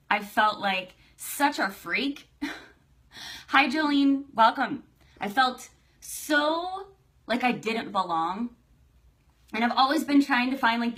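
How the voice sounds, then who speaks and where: A woman's voice: a little high, sharp tone. A young adult woman hosting a casual live stream, chatty and emotional, greeting viewers by name. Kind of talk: casual livestream chat.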